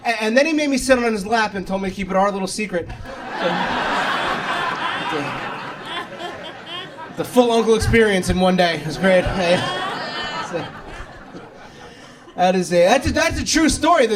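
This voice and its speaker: A man's voice: high-pitched, expressive, normal speed, pauses often, a crowd in the background, background noise. A man in his thirties from New York doing a stand-up comedy set with brash, self-deprecating punchlines. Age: 30s. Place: comedy club stage. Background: audience laughter.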